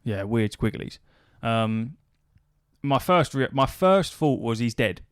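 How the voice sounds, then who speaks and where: A man's voice: mid-range voice, lively intonation, takes it slowly, clear, resonant tone, no echo, studio quality. A man, a podcast host telling a long anecdote in casual chat, swearing freely and acting out quoted back-and-forth dialogue.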